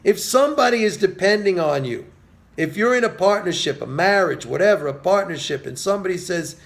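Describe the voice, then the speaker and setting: Guy with a raspy high voice ranting about confidence, lecturing, repeats himself a lot. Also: expressive, a little fast. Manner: emphatic, lecturing, repeats key phrases. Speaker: financial commentator. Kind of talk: motivational monologue.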